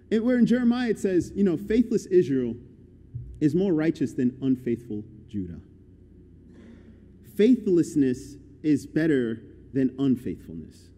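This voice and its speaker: Male guest preacher, high voice, unhurried, animated sermon delivery. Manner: animated, swings from quiet to loud. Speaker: guest speaker. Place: church hall. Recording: church hall reverb.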